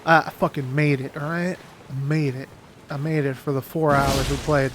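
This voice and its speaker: A man's voice: on the high side, fairly even intonation, moderate pace, a crowd in the background. A man hosting a gaming channel, chatting casually and laughing often as he rambles through a story. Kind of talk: casual chat while gaming.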